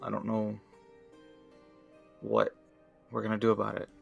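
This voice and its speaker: A man voicing a male guild leader who is worried but composed, speaking in a measured way. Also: on the low side, completely flat delivery, vocal fry, slightly rough, dull audio, faint music behind, full character voice.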